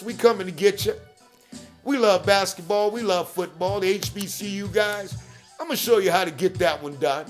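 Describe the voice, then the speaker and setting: A man hosting a podcast who pitches hard, repeats catchphrases, keeps asking "okay?" and shouts out people by name. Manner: hype-driven, repeats catchphrases, peppers with "okay?". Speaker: podcast host. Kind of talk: promotional monologue.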